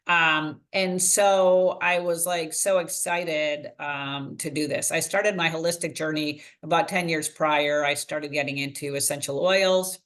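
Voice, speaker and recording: An older woman, a retired pharmacist, gives a casual testimonial on a panel over a video call, describing her own path. Her voice is fairly low and a bit bright, at a moderate pace, and she often acts out her past thoughts in quotes.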